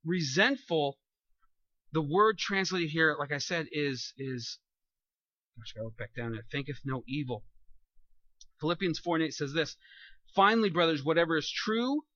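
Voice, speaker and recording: A man preaching a sermon in a lively, joking way, acting out everyday scenes. His voice sits high and rings bright. The sound is dry and a little dull. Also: moderate pace, pauses often, dry recording. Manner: animated, jokey preaching with acted-out asides. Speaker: pastor.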